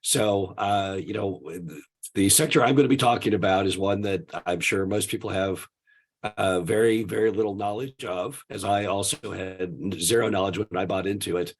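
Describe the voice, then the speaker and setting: An older man speaks with a husky, gravelly voice, hoarse from a bout of flu, his pitch sitting on the low side. He tells his story in a loose, conversational way, pausing often on "uh" as he goes. He comes through a video call. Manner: relaxed storytelling with many "uh" fillers. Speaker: guest speaker. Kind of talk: conversational webinar presentation.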